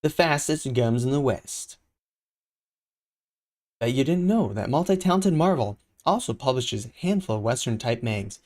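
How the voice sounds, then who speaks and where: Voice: lively intonation, moderate pace. Comic reader doing character voices. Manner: reads panels aloud, switching into character voices; aside comments in a lower, quieter voice. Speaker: channel host. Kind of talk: live comic book reading.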